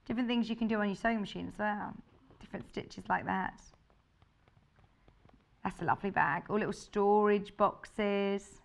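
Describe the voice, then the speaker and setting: A woman's voice: medium pitch, fairly even intonation, moderate pace, vocal fry, long pauses. Chatty woman presenting sewing kits. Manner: chatty, bubbly, thinks aloud. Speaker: shopping channel presenter. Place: TV studio.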